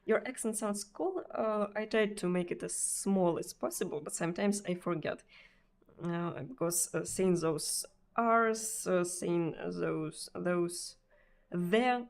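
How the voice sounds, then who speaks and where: A woman from Russia with a Russian accent, chatting casually on a live stream. She speaks haltingly, with many pauses and restarts, and laughs often. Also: on the low side, vocal fry. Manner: laughs often between sentences.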